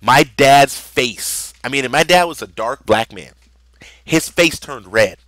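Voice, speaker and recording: Young man, casual storytelling, rambling conversational delivery, bright forceful tone, dry close sound. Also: mid-range voice, lively intonation, unhurried, dry recording. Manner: rambling, conversational, with many fillers.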